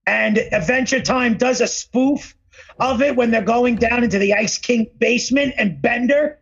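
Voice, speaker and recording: A man co-hosting a casual podcast, rambling and profane, who slips into quick voice impressions while he talks. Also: very high-pitched, fairly bright tone, husky, muffled recording. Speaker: podcast co-host.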